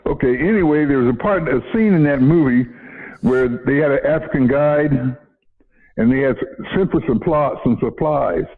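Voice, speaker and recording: An older man, a retired educator telling stories in an interview, repeating himself and chuckling. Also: mid-range voice. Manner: rambling, repeats words, chuckles often. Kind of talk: casual interview storytelling. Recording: phone-like narrow audio.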